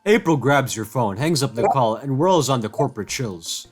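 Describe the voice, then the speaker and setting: A man reading a comedy game aloud with friends, animated and laughing between lines. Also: mid-range voice, moderate pace, soft background music. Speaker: game reader.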